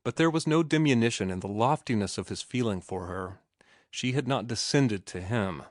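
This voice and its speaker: A man narrating a classic novel in an even, measured reading. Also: lowish voice, no room sound, studio quality. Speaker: audiobook narrator. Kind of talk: scripted narration.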